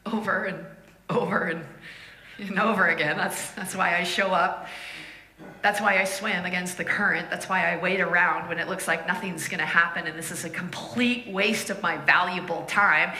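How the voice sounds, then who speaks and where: A woman preaches a sermon as a lively storyteller, laughing often and acting out the voices of people in her stories. Her voice is medium in pitch and sounds reverberant.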